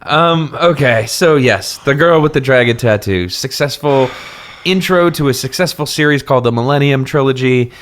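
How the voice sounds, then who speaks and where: A man's voice: medium pitch, moderate pace, fairly bright tone, slight background noise. A young man co-hosting a casual comedic book podcast, chatty and self-mocking, laughing often. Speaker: podcast co-host.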